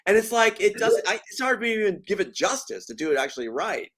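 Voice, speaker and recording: A man's voice: high voice, fast. A man speaking as an interview guest, telling stories emphatically. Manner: animated, emphatic storytelling. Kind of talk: conversational interview.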